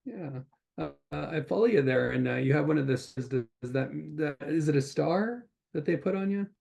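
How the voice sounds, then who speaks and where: A man hosting a video-call interview, halting and filling his sentences with repeated words. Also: a little high, expressive, creaky, darkish tone. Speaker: interviewer and anthology editor. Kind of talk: casual interview chat.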